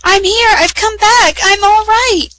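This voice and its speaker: A woman voicing a brave, polite young girl in a read-aloud storybook, lifting her voice high and eager. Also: slow, bright, forceful tone, husky, heavily acted. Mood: excited shouting.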